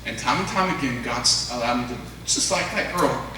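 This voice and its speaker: A man preaches a revival sermon, telling stories with animated energy and speaking straight to the congregation. His voice is bright and forceful. It comes from some distance away, in a church with a heavy echo. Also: medium pitch, normal speed, a little hiss or hum. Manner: animated storytelling, addresses congregation directly. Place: church sanctuary. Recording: very echoey church sound from afar.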